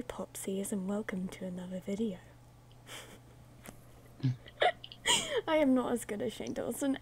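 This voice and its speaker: A fairly high-voiced woman chats to camera as a vlog host. She tells a ghost story in a loose, rambling way, full of "like"s. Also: slight background noise. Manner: chatty, rambling storytelling with many "like"s. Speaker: YouTube host.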